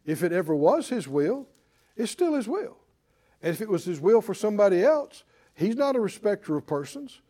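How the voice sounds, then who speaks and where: A man preaching a sermon, repeating declarations emphatically and calling on listeners to say them back, sometimes dropping to a quieter conversational telling. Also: high-pitched, big pitch swings, normal speed. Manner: calls for responses from listeners.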